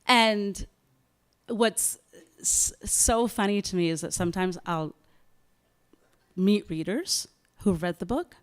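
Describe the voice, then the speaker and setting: Woman author, mid-pitch, lively spoken storytelling for a live crowd. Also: slow pace, long pauses, smooth. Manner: animated, dramatic storytelling with acted dialogue and laughs. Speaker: novelist speaking at a writers' event.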